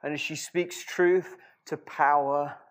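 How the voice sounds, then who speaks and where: A man preaching a sermon as a lively storyteller, with frequent laughs and rhetorical asides. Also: a little high, takes it slowly. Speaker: pastor.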